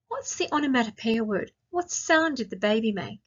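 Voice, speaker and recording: An Australian-accented primary school teacher gives a recorded grammar lesson to young children, asking slow, clear, sing-song questions. Her voice is on the high side with lively intonation, and the sound is lo-fi.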